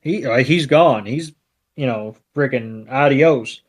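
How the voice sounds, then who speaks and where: Laid-back man recapping slowly. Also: medium pitch, slightly rough. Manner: laid-back, lots of ums and you-knows. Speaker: podcast co-host. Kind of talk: casual episode recap.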